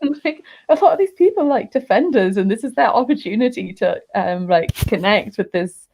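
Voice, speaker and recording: An animated woman guest chatting casually over a video call, laughing often as she tells her story. Her voice sits at a middle pitch. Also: moderate pace, gravelly, slight background noise. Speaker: podcast guest. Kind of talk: casual chat, anecdote.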